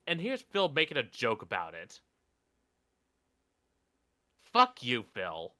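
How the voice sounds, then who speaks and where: Indignant ranting man, very bright voice. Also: mid-range voice, very animated, unhurried. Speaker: co-host. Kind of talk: reaction commentary.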